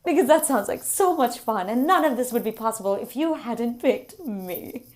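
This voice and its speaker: A woman's voice: a little high, lively intonation, moderate pace, darkish tone. A woman performing a sarcastic spoken-word poem with theatrical delivery. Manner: sarcastic, theatrical, building intensity.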